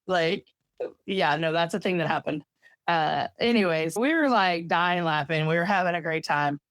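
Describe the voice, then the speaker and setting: A woman with a lowish voice rambles through a story, stacking "like" after "like" and swearing casually. The sound is dry and close, with no room around her. It is relaxed, chatty podcast talk. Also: normal speed, dry recording. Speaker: podcast co-host. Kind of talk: casual chat.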